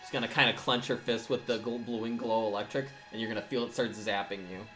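A man narrating as game master of a tabletop game, unhurried and pausing with ums. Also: on the low side, fairly even intonation, music in the background.

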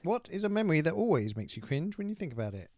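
A man co-hosting a podcast, throwing in quick jokes during casual banter. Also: a little high, sing-song, darkish tone, dry recording, studio quality. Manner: joking, quick quips. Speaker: podcast co-host.

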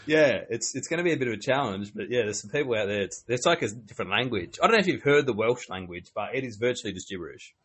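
Fast rambling co-host, man, husky voice. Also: medium pitch, animated, a bit bright. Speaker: podcast co-host. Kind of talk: casual podcast chat.

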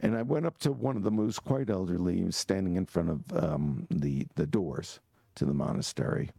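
Male author, gravelly, husky, lively pitch, storytelling with restarts. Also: brisk, no room sound. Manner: animated storyteller with frequent restarts and laughs. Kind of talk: telling anecdotes in a book talk.

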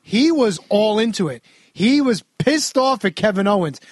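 Brief: outspoken male podcast co-host, high and animated, swears freely, dry room. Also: normal speed, no room sound. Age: adult parent. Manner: profane, blunt, tells stories. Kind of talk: casual wrestling chat.

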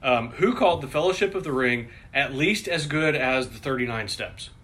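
A man's voice: mid-range voice, animated, moderate pace, a bit bright. A man co-hosting a casual podcast, reading out trivia questions and answer options, with frequent restarts and laughter. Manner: hesitant, many restarts, laughs often. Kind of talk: casual chat.

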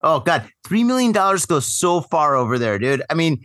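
A man co-hosting a podcast, chatting in an excitable, profane way and often groping for words. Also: on the high side, moderate pace, no room sound, studio quality. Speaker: podcast co-host. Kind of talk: casual chat.

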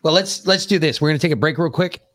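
A man's voice: a little high, quick pace, fairly bright tone, dry recording, clean studio sound. Swearing, rambling male podcast host. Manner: profane, rambling storyteller. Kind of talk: casual chat.

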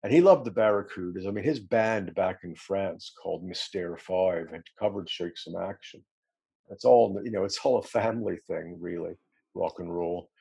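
A middle-aged man with a low-sitting voice speaks at a moderate pace, mellow and husky with vocal fry. He's a musician guest in a casual anecdotal interview, telling rambling, self-deprecating stories and laughing frequently.

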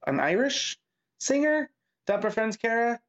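High-voiced man on a dull mic. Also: very animated, moderate pace, a bit bright. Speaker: comic book podcast co-host. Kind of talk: casual chat.

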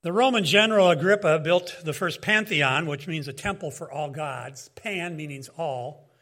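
A man delivering a sermon in an earnest, measured tone, dropping in casual asides as he goes. His voice sits a little higher than most men's. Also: pushed and bright. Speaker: preacher.

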